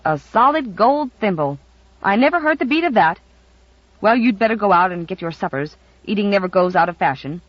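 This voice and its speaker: A reader putting on a sharp-tongued old grandmother in a storybook reading, scolding and critical, her pitch leaping up and down. Dry, close sound on a dull, lo-fi recording. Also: lively intonation, a little fast, dry recording, close to an everyday voice. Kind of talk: audiobook character voice.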